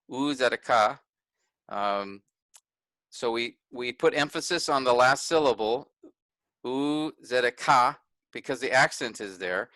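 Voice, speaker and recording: Bright-voiced man walking a workshop through a text. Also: medium pitch, dry recording. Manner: pointing things out step by step, self-correcting. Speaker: workshop teacher. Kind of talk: explaining a text on screen.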